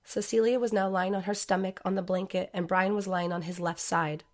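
A woman narrating a true-crime story in a measured, scripted way. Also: mid-range voice, fairly even intonation.

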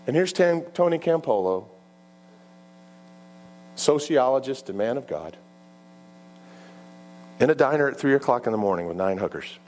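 A male preacher telling a story in a sermon, with halting starts and repeated words, often dropping low and quiet. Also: lively intonation, a little hiss or hum.

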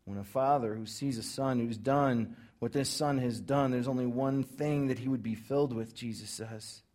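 A man preaching a sermon, telling a story with lively acted-out crowd reactions. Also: mid-range voice, normal speed. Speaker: pastor.

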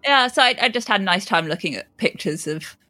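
A woman's voice: mid-range voice, lively intonation, brisk, bright, forceful tone. A woman co-hosting a podcast, chatting casually, laughing often and swearing freely. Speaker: podcast co-host. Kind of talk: casual chat.

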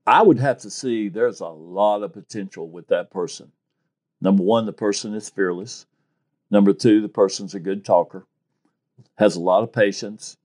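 A low-voiced man recounts his cases as a private investigator in a relaxed interview. He tells his stories with energy and acts out the lines of the people in them. His delivery is lively and conversational. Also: normal speed. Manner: animated storyteller, acts out quotes. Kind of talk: interview storytelling.

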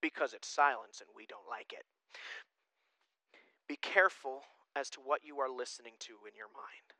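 A male pastor preaching a sermon in a casual, animated way, swinging from loud emphasis to hushed asides. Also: mid-range voice, moderate pace, no room sound, rough recording.

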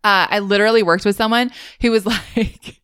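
A woman's voice: a little fast, clear, resonant tone, no echo. Young woman podcaster rambling thru a funny story, laughs a lot, voice shoots up when she panics, dry close mic. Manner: animated, laughs often, rises high when retelling panic. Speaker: podcast host. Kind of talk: casual storytelling monologue.

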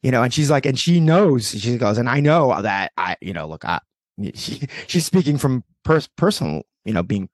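Male co-host, lively pitch, dry close mic, earnest rambling. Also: normal speed, no room sound. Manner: rambling, earnest, laughs often, swears. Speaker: podcast co-host. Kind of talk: casual chat.

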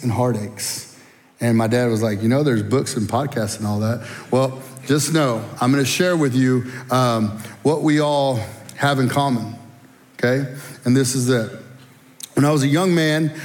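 Man, middle-aged, sermon, folksy storyteller, talks to the audience, medium pitch, echoing hall. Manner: folksy, animated storytelling, addresses the audience directly. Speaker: guest speaker at a church. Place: church auditorium. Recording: long reverb in a large hall.

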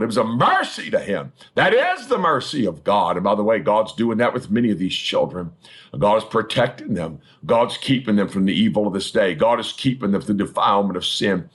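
A middle-aged man, a pastor, preaching a sermon in an emphatic, fervent manner with a husky voice and repeated phrases. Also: lowish voice, a bit bright.

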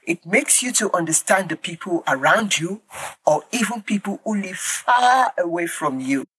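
A woman reading a storybook aloud for children in a slow, gentle manner. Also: lowish voice. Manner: slow, gentle, with lively rises and falls.

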